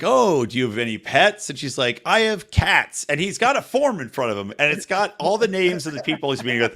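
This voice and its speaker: Man, podcast co-host, animated storyteller, bright voice, bouncy pitch. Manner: animated storytelling, acts out quotes, laughs often. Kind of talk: casual chat recapping a TV show.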